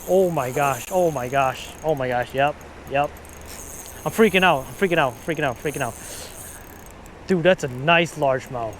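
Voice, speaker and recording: An excitable man fishing at a river, talking to his viewers and a little out of breath, recorded outdoors on an action camera. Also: on the high side, moderate pace, slight background noise. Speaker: fishing vlogger. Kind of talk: casual fishing vlog.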